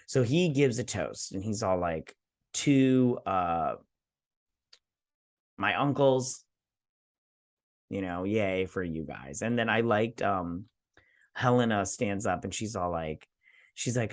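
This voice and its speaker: A man's voice: fairly low pitch, lively intonation, slow, pauses often, dry recording, clean studio sound. A man hosting a review show, casually recapping an episode and acting out characters' lines with lots of fillers. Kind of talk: casual recap with quoted voices.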